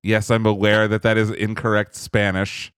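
A low-voiced young man chats on a podcast, telling a story in an animated and self-amused way. His voice is smooth and clear. It is recorded close and dry, with no room sound. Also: moderate pace, no room sound. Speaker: podcast co-host. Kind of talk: casual chat.

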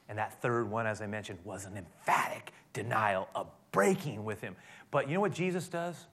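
A man's voice: mid-range voice, animated, a little fast, fairly bright tone, a little hiss or hum. A man preaching a sermon, emphatic and speaking straight to his listeners with frequent direct questions. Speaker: pastor.

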